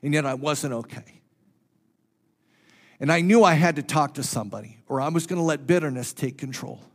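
A male pastor preaches through a personal story, his voice on the high side and fairly quick. He swings between loud and hushed delivery, repeating phrases for emphasis.

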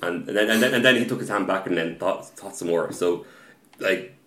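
Male podcaster, deep voice, stumbling and repeating words, roomy recording. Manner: halting, repeats words, animated when excited. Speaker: card game player telling a match story. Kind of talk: casual podcast chat.

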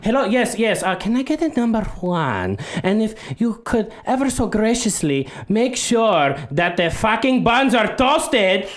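A man voicing a loud, aggressive, scheming male comic character with an exaggerated put-on accent. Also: sing-song, a little slow, few pauses. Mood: aggressive ordering. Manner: shouting, high-pitched, exaggerated accent.

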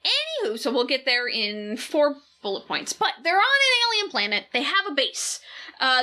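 A woman co-hosting a podcast, talking in a chatty, animated way. Her voice sits high and swings widely. Her tone is bright, and she swears casually. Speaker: podcast co-host. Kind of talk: casual chat.

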